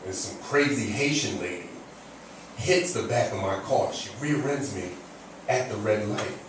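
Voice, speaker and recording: Animated stand-up comic in an echoey club. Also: male voice, fairly low pitch, a little slow, noisy background. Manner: animated storyteller, punchy asides. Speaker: stand-up comedian. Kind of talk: stand-up comedy set. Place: comedy club stage. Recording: echoey club room, distant mic, loud crowd.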